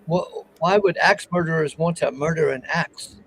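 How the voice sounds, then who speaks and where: High, gravelly man explaining scripture. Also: normal speed, rough recording. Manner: expressive, teasing, explains scripture. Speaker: Bible teacher. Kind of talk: casual Bible discussion.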